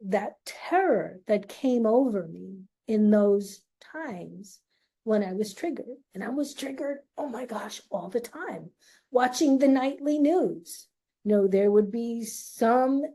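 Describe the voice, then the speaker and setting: A middle-aged woman hosting her own show, slowly and earnestly telling a personal story in a confiding way. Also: a little high, dark tone. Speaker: host.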